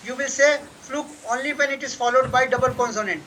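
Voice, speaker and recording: A man teaching German online, correcting pronunciation patiently and repeating words slowly. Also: very high voice, bright, forceful tone, a little hiss or hum, rough recording. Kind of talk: online language lesson.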